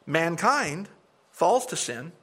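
A man delivers an animated, emphatic sermon to a gathered congregation. His voice sits a little above the usual male pitch and rises sharply when he makes his points. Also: takes it slowly, slightly rough. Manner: animated, emphatic, mocking impressions of opponents. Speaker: preacher.

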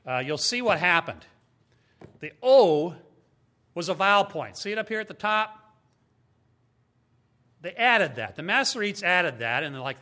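A man's voice: fairly high pitch, bright, forceful tone. A man giving a teaching sermon as a Bible teacher, speaking emphatically and explaining step by step with rhetorical questions.

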